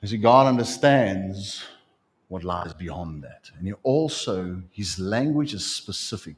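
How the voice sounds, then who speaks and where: A man preaching a sermon as pastor, in an animated, conversational way. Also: low voice, measured pace.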